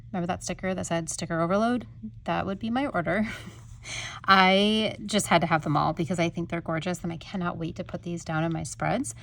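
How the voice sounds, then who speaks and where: A woman's voice: lowish voice, gravelly. A young woman gushing over stickers in a chatty product haul, talking straight to her viewers. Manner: gushing, talks to viewers, filler-heavy. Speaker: planner sticker haul vlogger.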